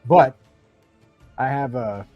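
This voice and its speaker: A man's voice: medium pitch, slow, highs cut off, faint music behind. A man plays a tabletop game and chats casually. He talks loosely, hesitating and thinking aloud as he describes his moves and rolls. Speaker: player.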